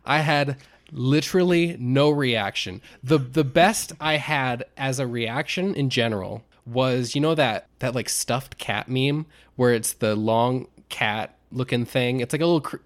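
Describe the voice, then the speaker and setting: Young adult male podcast co-host; casual, animated storyteller who acts out quotes. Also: medium pitch, unhurried.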